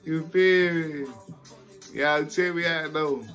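A young man telling a casual story to camera, animated and profane, acting out what people said. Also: a little high, takes it slowly, loud music behind the voice. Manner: animated, profane, acts out quotes.

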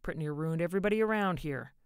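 A woman's voice: deep voice, animated, racing, clean tone, no echo, studio quality. A woman voicing a chatty small-town male businessman with a drawling, colloquial way of talking.

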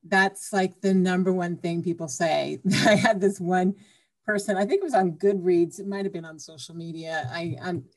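A woman's voice: fairly low pitch, steady tone, normal speed. A woman author being interviewed on a podcast, chatty and emotional, retelling stories. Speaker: author guest.

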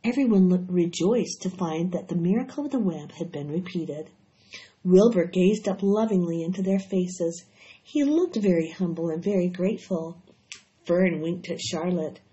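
A woman reading a children's story aloud in a steady, expressive way. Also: lowish voice, moderate pace. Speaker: audiobook reader. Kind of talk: storybook read-aloud narration. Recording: dull lo-fi recording.

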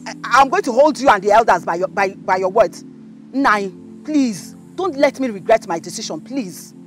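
A woman's voice: fairly high pitch, expressive, normal speed, faint music behind, close to an everyday voice. A Nigerian woman playing an anxious, indignant parent of a wronged bride in a film drama. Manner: pleading, indignant.

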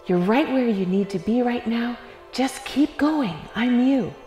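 Upbeat cheerleading future self, a woman putting her on, lifted and lively. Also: a little high, unhurried, soft background music, voice pushed up. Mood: encouraging. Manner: warm reassuring encouragement.

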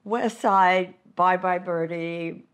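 A woman's voice: on the low side, takes it slowly, clear, resonant tone. An older woman reminiscing in a casual conversation, speaking in an effusive, enthusiastic way. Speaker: honoree in conversation.

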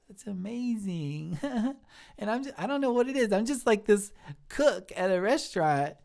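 This man's voice sits high and sounds gravelly as he portrays a shy, sweet cook at a restaurant, a guy in his thirties, for an improvised comedy live stream. The character is earnest, rambling, and quick to be flattered.

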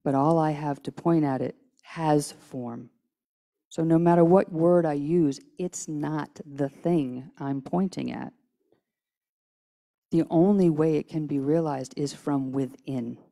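Woman preacher, low-pitched and mellow, casual conversational sermon, tired. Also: slow, vocal fry. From United States. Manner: casual, chatty, with restarts and acted-out quotes. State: tired from little sleep. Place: church sanctuary.

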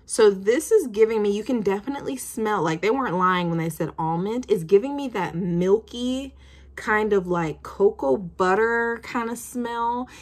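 A woman's voice: mid-range voice, moderate pace. A woman in her twenties chatting casually as she reviews perfumes, thinking aloud with plenty of fillers. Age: 20s.

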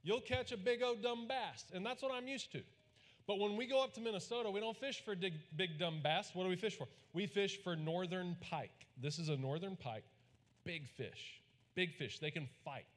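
Pastor guy preaching, kinda high voice, chatty folksy stories, big echoey church. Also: normal speed, fairly bright tone. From Texas. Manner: folksy, storytelling, calls on the congregation to repeat after him. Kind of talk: sermon. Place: large church hall. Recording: long hall reverb.

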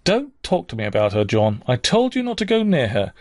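A man's voice: medium pitch, wildly swooping pitch, a little fast, a little mellow, dry recording, studio quality. A man voicing a stern, cold middle-aged woman in an audiobook, speaking sharply and dismissively.

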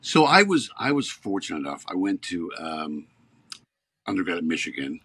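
Telling stories as a podcast guest, this fifty-something actor chats casually and becomes increasingly worked up. His deep voice is slightly rough and moves at normal speed, recorded dry.

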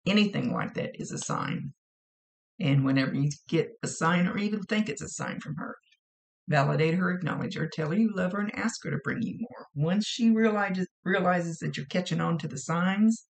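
A woman's voice: fairly low pitch, normal speed, vocal fry. A woman working as a psychic medium who gives a casual reading, relaying messages and direct advice and often repeating her phrases.

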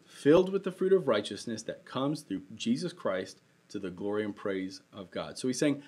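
A young adult man preaching a sermon in a relaxed, conversational way, mixing scripture reading with a personal story. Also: fairly low pitch, moderate pace, slightly rough. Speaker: pastor.

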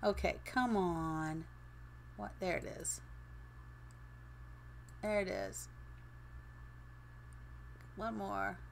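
A woman's voice: mid-range voice, very slow, creaky, long pauses, a little hiss or hum. A woman in her fifties from Arizona, chatting casually and rambling with laughs while she builds in a game on stream. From Phoenix, Arizona. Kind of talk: casual chat while gaming.

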